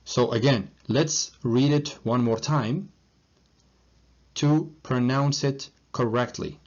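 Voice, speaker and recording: A man with a Moroccan accent teaching English phrases, reading model sentences slowly and checking in with "okay?". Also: mid-range voice, a little mellow, muffled recording. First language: Moroccan Arabic. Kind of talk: language lesson, switching between English and Moroccan Arabic.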